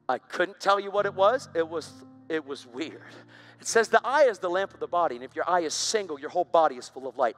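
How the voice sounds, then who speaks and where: A man's voice: on the high side, a bit bright. A man preaching, telling his own story in an intense, dramatic way. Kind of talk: sermon testimony.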